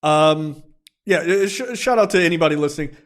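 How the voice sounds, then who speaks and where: A man's voice: a little high, lively intonation, a little fast, fairly bright tone. A young adult man co-hosting a casual film review podcast, rambling and laughing often as he recaps the plot. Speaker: podcast co-host.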